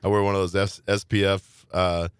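A man's voice: low-pitched, level tone, moderate pace, smooth, no room sound, clean studio sound. A man co-hosting a podcast, telling a rambling anecdote in casual chat and laughing often. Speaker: podcast co-host.

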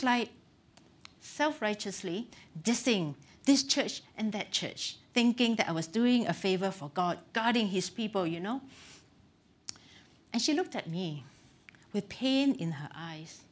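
A middle-aged woman pastor giving a conversational sermon, candid and self-deprecating, with frequent "um" and "you know.". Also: medium pitch.

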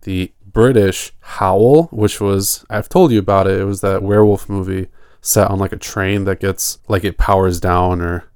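Male podcast host, low-pitched, easygoing and rambling, frequent laughs. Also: moderate pace, clear, resonant tone, no room sound, studio quality. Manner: relaxed, rambling, laughs often. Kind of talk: casual horror podcast chat.

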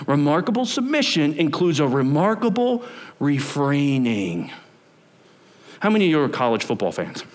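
A male pastor preaching to his church, his voice sitting high and swinging widely in pitch. He talks in a chatty, animated way and keeps asking the congregation questions. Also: normal speed. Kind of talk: sermon.

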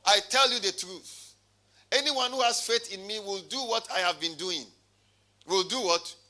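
A man's voice: sits high, normal speed, pushed and bright. A male pastor preaching a sermon, calling out to his congregation and reading scripture aloud. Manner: preaching with call-and-response.

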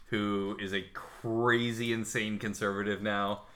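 A man's voice: on the low side, little pitch movement, over a noisy crowd. A man hosting a casual podcast chat, joking loosely and moving the conversation along. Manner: loose, joking, runs the picks quickly. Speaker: podcast host.

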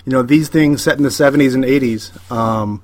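A man co-hosting a casual chat about a TV show, animated and opinionated, repeating words as he builds his point. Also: medium pitch, a little fast. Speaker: podcast co-host.

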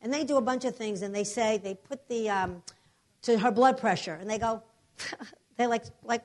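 A middle-aged woman preacher tells a testimony from the pulpit, her high voice rising and falling as she acts out the people and the prayers in her story. She delivers it with lively, animated conviction. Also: normal speed.

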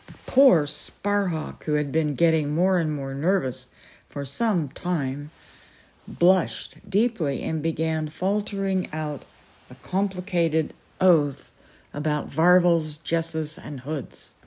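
A woman reading a novel aloud as a storyteller, slowly and gently, giving each character a voice. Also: low-pitched.

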